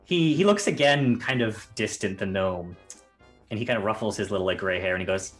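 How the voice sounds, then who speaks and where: A man's voice: fairly low pitch, animated, brisk, fairly bright tone. A man running a tabletop game as game master, narrating in a loose, chatty way full of restarts. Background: faint carnival music.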